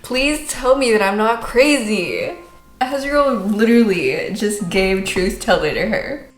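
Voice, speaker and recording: A woman's voice: medium pitch, takes it slowly. A woman reacting to a book as she reads it, emotional and exclaiming, using casual slang and laughing often. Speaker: book vlogger. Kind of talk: reading reaction vlog. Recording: roomy echo.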